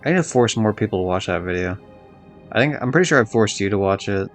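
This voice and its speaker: A man's voice: fairly low pitch, lively intonation, fast, soft background music. A man streaming a video game live, chatting loosely and rambling, swearing now and then. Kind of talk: casual live-stream chat while gaming.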